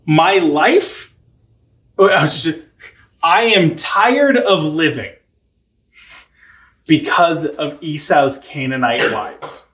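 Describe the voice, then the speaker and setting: A man's voice: fairly high pitch, lively intonation, takes it slowly, pauses often, fairly bright tone. A man doing a scheming, dramatic mother. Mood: weary.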